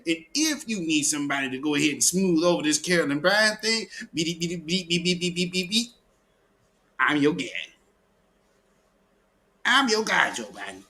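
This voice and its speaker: Fawning man begging for money, as a host mocks him; sing-song and taunting, pitched a bit high. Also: expressive, moderate pace, long pauses, pushed and bright. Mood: mocking.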